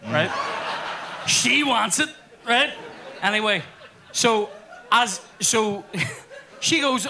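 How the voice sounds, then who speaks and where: A man's voice: sits high, moderate pace, bright, forceful tone. A man telling crude stories at a live podcast on stage. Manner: crude storytelling with sweary asides. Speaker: podcast host. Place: theatre stage before audience.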